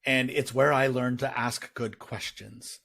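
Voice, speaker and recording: A man hosting a podcast interview, talking in a relaxed way with many ums and you-knows. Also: mid-range voice, measured pace, gravelly. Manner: relaxed, uses many fillers like um and you know. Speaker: podcast host.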